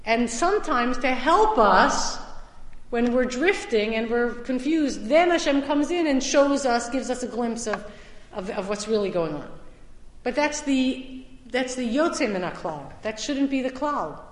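A woman teaching a Torah class as a summer lecture, stressing some points loudly and dropping into quiet asides. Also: on the high side, expressive, unhurried. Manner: emphatic, swings between loud stresses and quiet asides. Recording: echoey hall with long reverb.

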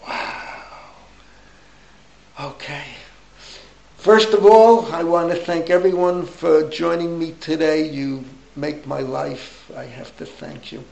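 An elderly rabbi in his eighties leads an informal class, rambling through animated stories and turning aside to his listeners. His voice is gravelly and a touch high for a man. The sound carries the echo of a roomy space. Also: takes it slowly, highs cut off, slight background noise. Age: 80s. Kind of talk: informal Torah class talk.

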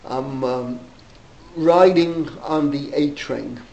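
Gravelly older New man rambling. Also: medium pitch, slow, dark tone, highs cut off. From New York. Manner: digressive, many fillers and restarts. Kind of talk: rambling anecdotal storytelling. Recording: roomy echo, faint background noise.

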